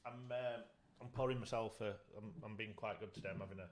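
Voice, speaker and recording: Sheffield man, lowish voice, podcast co-host, rambling and chatty. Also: steady tone, fast. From Sheffield, England. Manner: chatty, laughs often, trails off mid-sentence. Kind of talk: casual chat.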